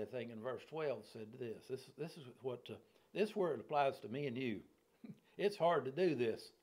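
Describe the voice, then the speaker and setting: A middle-aged man leading a casual verse-by-verse Bible study, folksy and chuckling, often putting questions to his listeners. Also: fairly high pitch.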